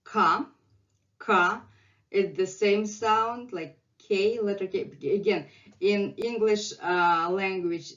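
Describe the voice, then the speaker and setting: A woman with a Russian accent teaches letters in an unhurried, deliberate way, saying each sound over and over. Her voice sits a little low. The recording is dull and lo-fi. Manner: repeats each sound several times, patient explanation. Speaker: language teacher. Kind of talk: video language lesson.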